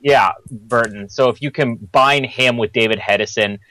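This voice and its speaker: A man talks casually as a podcast co-host, mid-pitched and recorded close in a dry space. He is jokey and rambling, and he slips into put-on voices to mimic film lines. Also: normal speed, sharp tone, dry recording, low-quality recording.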